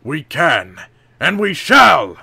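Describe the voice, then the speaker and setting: A man voicing a proud, hot-headed young male fire warrior who speaks loudly and indignantly. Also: on the high side, big pitch swings, measured pace, vocal fry, slightly rough, pitched above the performer's own voice, exaggerated voice. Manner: loud and indignant. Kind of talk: audiobook character voice.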